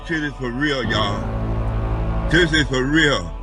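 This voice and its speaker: A man's voice: mid-range voice, slow, music in the background. A shaken man, filming on his phone outside a hospital and urgently pleading with people over and over. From Brooklyn, New York. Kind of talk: live phone video plea. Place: outdoors beside a hospital. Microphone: phone camera.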